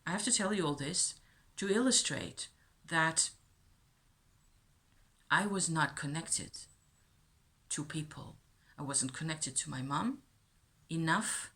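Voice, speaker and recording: A middle-aged woman thinking aloud about her childhood in a reflective personal monologue, with many pauses and restarts. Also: sits low, pushed and bright. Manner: thoughtful, musing, with many fillers and restarts.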